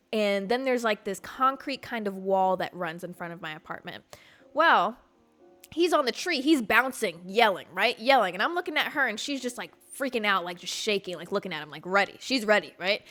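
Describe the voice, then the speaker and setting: A woman hosting a podcast, telling a story in a casual, animated, profane way. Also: a little high. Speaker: podcast host.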